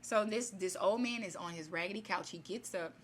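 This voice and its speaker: A woman's voice: mid-range voice, fairly quick, slight background noise. A woman casually retelling a fairy tale in her own words, rambling and chatty, with many restarts. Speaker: storyteller.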